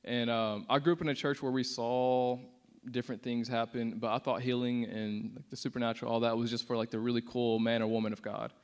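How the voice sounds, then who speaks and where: A man's voice: mid-range voice, level tone, fairly quick, clean tone. Earnest young man sharing a testimony. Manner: casual and earnest, many "like" fillers, acts out quotes with rising intensity. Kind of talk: conversational testimony to a church audience.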